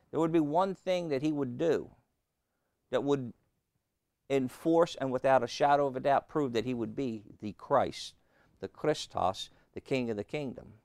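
A man preaching a sermon, emphatic, rising loud and high on key points and calling out questions to the congregation. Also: vocal fry, no echo, clean studio sound.

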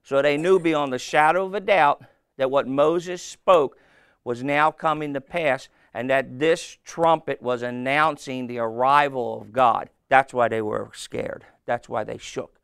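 Slow gravelly preacher man. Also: medium pitch, steady tone, fairly bright tone, no room sound, studio quality. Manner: slow, call-and-response questions to the congregation. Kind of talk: sermon.

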